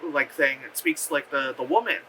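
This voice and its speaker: A man's voice: medium pitch, a little fast, sharp tone, a little hiss or hum, low-quality recording. A young man casually reviewing a movie, rambling and profane, packed with fillers as he animatedly retells scenes.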